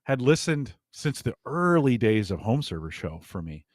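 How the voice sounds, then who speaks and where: A man talking as a guest in a casual podcast chat, animated and often chuckling, with frequent restarts. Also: medium pitch, moderate pace, no room sound, clean studio sound.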